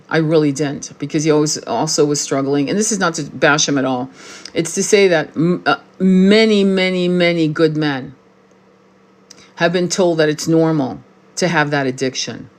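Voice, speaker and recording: Low-pitched and plainspoken, this sixty-something tarot reader delivers an offhand monologue to the camera. She swears often, doesn't mince words, and circles back to the same points to stress them.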